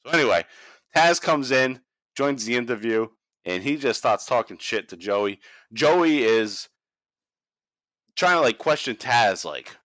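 A man's voice: fairly low pitch, expressive, moderate pace, a bit bright, no echo. A man hosting a podcast in casual chat, laid-back and crude with jokes. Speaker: podcast host.

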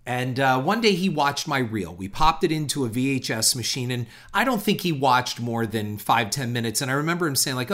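A man's voice: medium pitch, lively intonation, brisk, hardly any pauses, fairly bright tone. A middle-aged man hosting a podcast, telling a long personal story in a reflective, rambling way with frequent restarts. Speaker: podcast host.

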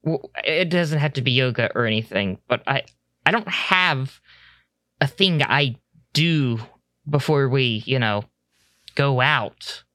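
A game master voicing a halting young adventurer woman. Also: mid-range voice, animated, fairly bright tone, no room sound, clean studio sound. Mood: hesitant. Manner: halting, many fillers and restarts. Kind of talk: tabletop role-play in character.

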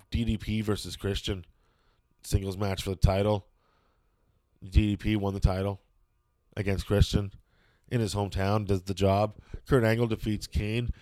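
A man's voice: fairly low pitch, darkish tone, clear, resonant tone, dry recording, clean studio sound. A man chatting casually and opinionatedly as a show host, rambling with lots of fillers and some swearing.

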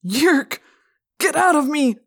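A woman voicing a tormented middle-aged male teacher who shouts and screams in a strained, frantic way, in a storybook reading. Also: fairly high pitch, drawn-out words, voice pushed up. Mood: anguished screaming.

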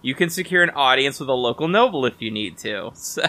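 A man's voice: mid-range voice, animated, a little fast, pushed and bright. A man speaking as a player in a tabletop role-playing game, laughing often and hesitating when he speaks in character. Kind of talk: tabletop role-play, joking.

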